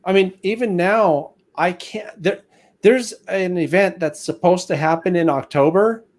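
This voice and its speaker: A high-pitched man speaks a little slowly as a live stream guest. It's relaxed chat, with him laughing a lot as he shares stories.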